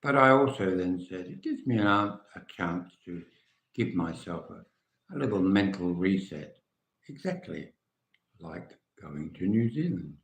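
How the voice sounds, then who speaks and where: An English man in his seventies chatting casually and frankly to viewers on a live stream, rambling and trailing off quietly at the ends of phrases. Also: low voice, expressive, measured pace. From England. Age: 70s. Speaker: vlogger. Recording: echoey room.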